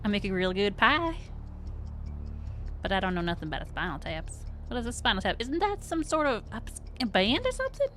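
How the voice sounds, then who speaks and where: A woman's voice: medium pitch, very animated, fairly quick, a bit bright, soft background music. A woman voicing a cheerful, God-fearing secretary with a Louisiana accent and a folksy Southern drawl.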